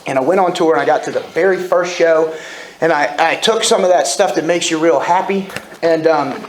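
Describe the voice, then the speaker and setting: Man, candid storyteller at a recovery meeting, fairly high voice, echoey room, faint background hum. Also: fairly quick. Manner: candid storytelling, self-deprecating. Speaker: AA speaker.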